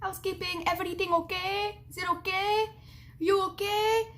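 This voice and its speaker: A woman's voice: extremely high pitch, steady tone, normal speed, noisy background, pitched above the performer's own voice. A woman voicing a flustered female hotel housekeeper who keeps anxiously repeating her questions. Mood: concerned.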